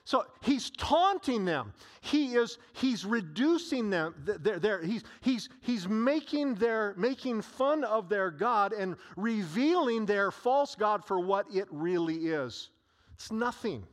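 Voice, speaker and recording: A male pastor preaching a sermon, telling a story in an animated way with frequent restarts. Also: high-pitched, slow pace.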